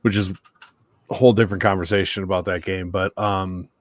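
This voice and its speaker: A man's voice: sits low, flat delivery, fairly quick, dry recording. A man co-hosting a casual sports podcast, joking and self-mocking as he gives his picks. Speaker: podcast co-host.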